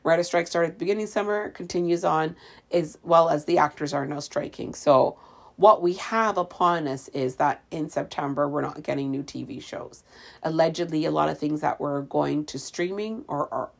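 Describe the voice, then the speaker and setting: A woman from Canada talking straight to her phone in a loose, ranting chat. Her voice sits low with a gravelly edge, and she is sarcastic and wry as she goes along. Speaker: vlogger. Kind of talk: casual chat. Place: room with the windows open.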